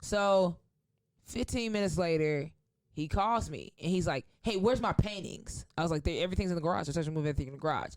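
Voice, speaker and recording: A woman comedian spins a long story in loose, casual chat. She is animated and profane, breaks into laughter often, and acts out the voices of the people in her tale. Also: lowish voice, fast talker. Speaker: comedian guest.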